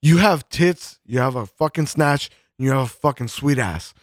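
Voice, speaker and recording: A man's voice: mid-range voice, lively intonation, normal speed, no room sound, studio quality. A man co-hosting a podcast in casual chat, swearing constantly and rambling with fillers and restarts. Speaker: podcast co-host.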